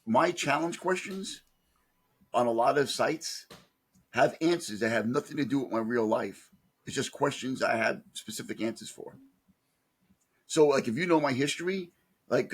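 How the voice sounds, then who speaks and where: A man's voice: mid-range voice, unhurried, pauses often, breathy edge. A man co-hosting a podcast, talking in an easygoing, rambling way. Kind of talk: casual podcast chat.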